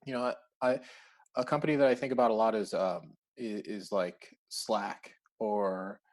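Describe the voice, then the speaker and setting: Animated, low-voiced man chatting. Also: normal speed. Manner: animated, many fillers and acted-out quotes. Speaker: interview guest, recruiting firm founder. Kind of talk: casual conversational interview.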